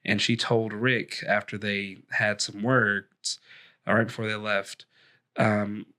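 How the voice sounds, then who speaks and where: A man with a bright, forceful, tense tone explains things in a relaxed fan chat. His sentences wander, with many likes as he works out what to say. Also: on the low side, slow pace. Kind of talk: casual fan discussion.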